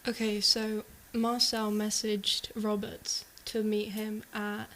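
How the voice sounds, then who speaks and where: A woman's voice: medium pitch, monotone, slow, fairly bright tone, slight background noise, rough recording. A woman co-hosting a casual true-crime show, retelling a case in a hesitant way full of "like" and "you know".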